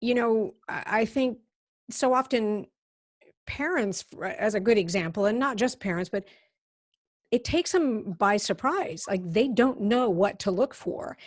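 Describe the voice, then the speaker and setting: A woman's voice: mid-range voice, lively intonation, unhurried, dry recording, clean studio sound. A woman hosting a podcast, asking long, rambling questions in a chatty way. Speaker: podcast host. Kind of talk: podcast interview.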